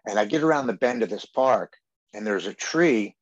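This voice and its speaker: A man in his forties with a low voice tells his personal recovery story as a podcast guest. He talks earnestly and acts out what he and others said along the way. The sound is dull and muffled, with a dry feel and no room around it. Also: expressive, normal speed, no room sound.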